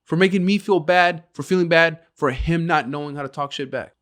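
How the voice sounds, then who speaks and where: A man's voice: fairly high pitch, brisk, a bit bright. Brash, profane young man on a podcast. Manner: brash, profane, laughing, acts out voices. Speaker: podcast co-host. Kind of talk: casual podcast banter.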